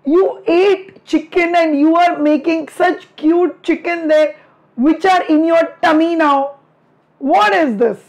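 Greeting her pupils during a live online biology lesson, a middle-aged teacher with an Indian English accent chats warmly and teases them. Her voice sits high and moves slowly, carrying a darkish tone and the strain of a throat tired from lecturing.

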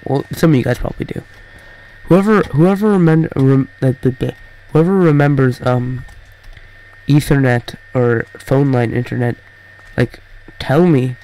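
A man's voice: medium pitch, mellow, rough recording. Rambling teen boy gamer. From Canada. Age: teenager. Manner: rambling, halting, many fillers and restarts. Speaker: gaming YouTuber. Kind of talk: casual gameplay chatter.

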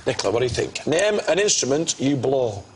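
Lively, teasing male game show host. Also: medium pitch, a little fast. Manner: jokey, teasing, upbeat. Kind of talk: television game show hosting. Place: television studio with live audience. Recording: loud audience and studio noise.

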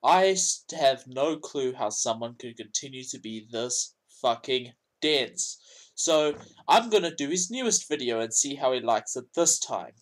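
A man's voice: medium pitch, lively intonation, unhurried. A man commenting on another creator's video with mocking sarcasm and frequent swearing. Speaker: YouTube commentator.

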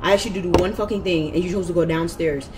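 A woman's voice: fairly low pitch, steady tone, fast talker, heavy background noise. Heated, profane woman vlogger. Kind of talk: storytime vlog. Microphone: camera.

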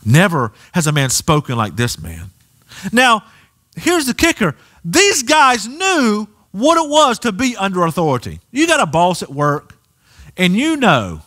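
A pastor with a Southern US accent preaching a sermon in a church, animated and rising to near shouts. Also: male voice, sits high, moderate pace. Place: church sanctuary.

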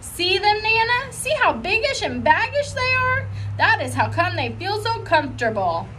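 A woman voicing a loud, excitable, clumsy little girl who talks in a high, eager voice. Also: normal speed, a little hiss or hum, rough recording. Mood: excited.

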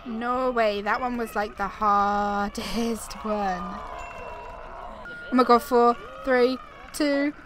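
A woman's voice: medium pitch, very slow, background noise. A woman doing chatty let's play commentary at home on a desktop mic, narrating her moves and often laughing. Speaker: gaming YouTuber. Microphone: desktop USB mic.

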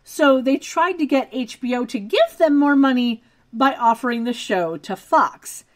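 A woman's voice: high-pitched, animated, measured pace. A woman co-hosting a podcast, recapping a TV episode in casual chat with wry asides. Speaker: podcast co-host.

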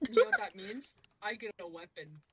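A woman's voice: medium pitch, huge pitch swings, brisk, sharp tone, slight background noise. A woman chatting while gaming, playful and rambling, her trailing words often dropping to a mumble. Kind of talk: casual gaming chat.

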